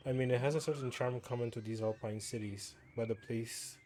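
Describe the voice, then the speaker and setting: A man's voice: mid-range voice, fairly even intonation, fairly quick, a little mellow, slight background noise, natural voice. A man reading aloud the lines of a haughty, worldly baron from a story game.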